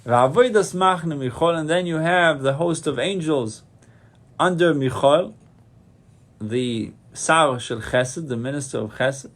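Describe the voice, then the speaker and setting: A man's voice: a little high, unhurried, a bit bright. A man, a rabbi, giving a Torah lecture, saying Hebrew terms and then translating them, often repeating a phrase to stress it. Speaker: rabbi teaching a class.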